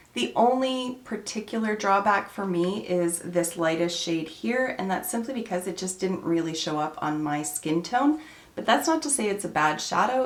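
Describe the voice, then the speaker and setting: A woman beauty vlogger narrating a makeup tutorial in a relaxed, chatty voice-over, explaining each step. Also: on the low side.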